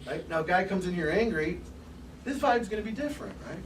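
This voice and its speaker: A man giving an open forum lecture to a live group, animated and casual, swearing now and then and acting out little scenes. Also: high-pitched, a little fast, roomy sound. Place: room with an audience. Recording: distant mic with background hiss.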